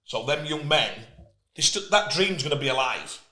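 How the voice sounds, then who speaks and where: A man's voice: a little high, moderate pace. A middle-aged man, hosting a casual interview and telling stories with passion. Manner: passionate, animated storyteller. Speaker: host, player agent. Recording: echoey room.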